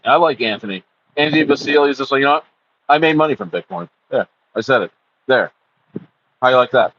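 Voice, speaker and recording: Reading viewer comments on a casual crypto stream, this man wanders off on tangents, trips over restarts, and performs voices for quotes. His mid-range voice is fairly bright, but the sound is dull and lo-fi.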